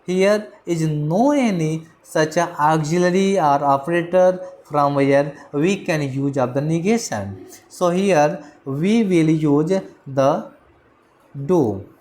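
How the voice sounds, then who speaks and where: Halting grammar teacher. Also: medium pitch, darkish tone. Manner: halting, many fillers and restarts, repeats example sentences slowly word by word. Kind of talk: recorded grammar lecture.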